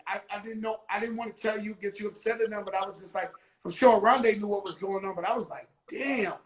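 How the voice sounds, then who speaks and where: Animated high-voiced man telling a story. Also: fast talker, slight background noise, poor audio. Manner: animated storyteller, swears freely. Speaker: host of a livestream chat. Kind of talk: casual livestream conversation.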